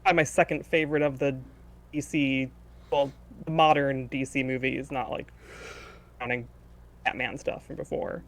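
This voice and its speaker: Gravelly-voiced man, laid-back replies. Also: mid-range voice, level tone, moderate pace, long pauses. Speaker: podcast co-host. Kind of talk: casual chat.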